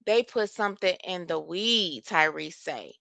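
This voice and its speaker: A woman host reading messages aloud and reacting to them, talking in an animated, exclaiming way. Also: on the low side, gravelly, no echo. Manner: animated, exclaiming, reads aloud in a quick flat run.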